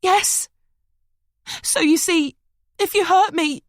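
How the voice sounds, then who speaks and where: A woman voicing a frightened young female captive with a London accent, pleading in a high, tearful voice. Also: slow pace, dry recording, studio quality. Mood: urgent.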